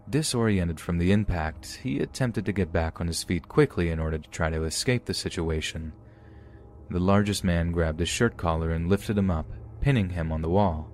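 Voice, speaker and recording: A man narrating true horror stories in a steady, scripted reading. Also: sits low. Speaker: podcast narrator.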